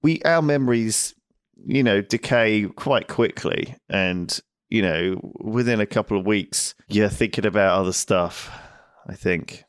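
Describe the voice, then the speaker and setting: Low-voiced man rambling on a podcast. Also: measured pace, smooth, no room sound, clean studio sound. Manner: rambling, hesitant, many restarts. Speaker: podcast co-host. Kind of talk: casual chat.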